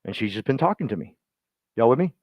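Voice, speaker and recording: In a sing-song, mid-range voice, a man talks fast while leading his real estate team through a folksy, rambling pep talk, calling out names. The sound is dull, dry, lo-fi and echo-free.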